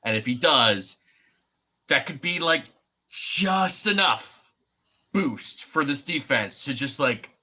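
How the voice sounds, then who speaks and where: A man's voice: mid-range voice, lively intonation, slow pace, pauses often, bright, forceful tone. A young man co-hosting a sports podcast, chatting casually and rambling with fillers. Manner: rambling, many fillers and restarts. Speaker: podcast co-host.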